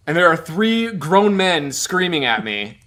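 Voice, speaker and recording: Man, veteran, casual storyteller; bright, bouncy delivery, laughs through his stories. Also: on the high side, unhurried. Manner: animated, laughs often mid-story.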